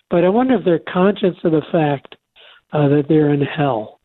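Earnest older man on a phone line. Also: a little high. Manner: earnest, halting with many restarts. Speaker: radio show co-host. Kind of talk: conversational faith talk.

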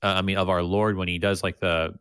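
A man's voice: low voice, flat delivery, fairly quick, fairly bright tone, smooth, no room sound, studio quality. A man co-hosting a casual Bible discussion, talking with many restarts and fillers and reading passages aloud. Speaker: Bible study co-host.

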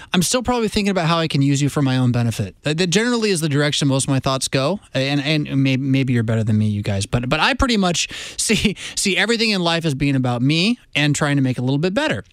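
A man hosting a casual theology talk, animated and conversational, often restarting his sentences and checking in with "right?". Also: fairly high pitch, no room sound.

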